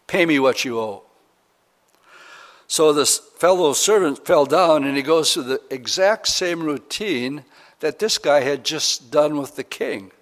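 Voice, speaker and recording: Man preaching an earnest sermon. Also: on the high side. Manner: earnest, conversational preaching with emphatic rises. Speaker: pastor.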